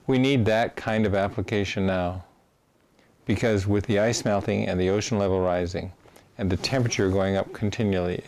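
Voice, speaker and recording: A man teaching his own method, telling animated anecdotes with frequent restarts. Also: fairly low pitch. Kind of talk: storytelling lecture.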